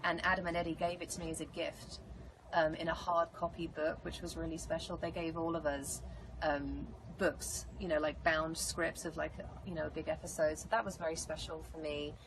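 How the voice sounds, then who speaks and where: An English woman tells stories with bubbly, animated energy, her voice sitting a little low for a woman. She chats casually through fan questions on a live stream. The audio carries clear background noise. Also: moderate pace, low-quality recording. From England. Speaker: actress answering fan questions.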